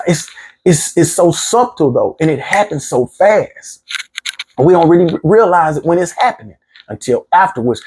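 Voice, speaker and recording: A former prisoner in middle age shares his life story in a frank monologue, his voice slightly high, somewhat mellow and a bit rough. His manner is street-casual and plain, with lots of repetition.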